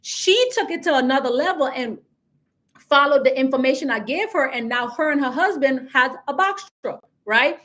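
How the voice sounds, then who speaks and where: A woman's voice: high-pitched, animated, normal speed, a bit bright. A woman with a Caribbean accent, coaching viewers in a casual livestream and talking straight to them. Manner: chatty, addresses viewers directly, reads out comments. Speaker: business credit coach.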